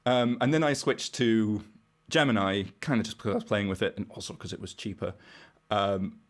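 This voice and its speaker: Low-voiced British man explaining things wryly. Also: moderate pace. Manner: explanatory, wry, thinks aloud. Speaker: podcast guest, browser engineer. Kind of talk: casual podcast conversation.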